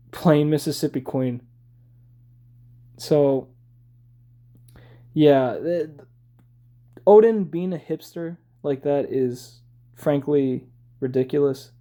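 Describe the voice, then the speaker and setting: A man's voice: on the high side, dark tone. A man ranting in a casual, rambling way while he draws, blunt and swearing, with lots of fillers. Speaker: drawing video creator. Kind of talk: casual rant while drawing.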